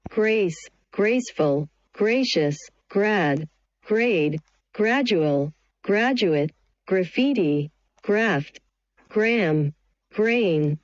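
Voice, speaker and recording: A woman's voice: medium pitch, expressive, drawn-out words, no echo, highs cut off. A woman reading English vocabulary words one at a time, each evenly spaced. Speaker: vocabulary reader. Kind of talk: slow word-list reading.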